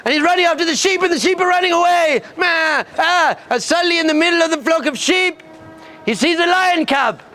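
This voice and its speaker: High-pitched, bright-voiced rabbi's pep talk. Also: male voice, fast talker. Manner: animated storyteller, acts out bleating sheep and roaring lion; emphatic, repeats short punchy lines. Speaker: rabbi addressing yeshiva students. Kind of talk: energetic pep talk with storytelling.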